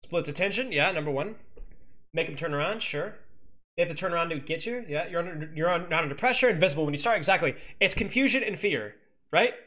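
A man's voice: on the high side, lively intonation, fast, pushed and bright, lo-fi sound. A man coaching as he analyzes a game replay, teasing and sarcastic, cracking jokes between points. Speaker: esports coach.

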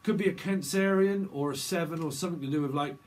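A man with a slightly higher voice than most men chats his way through a tarot reading. He rambles playfully from one thought to the next and keeps dropping into goofy voices. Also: fast. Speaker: tarot reader. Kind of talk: casual tarot reading monologue.

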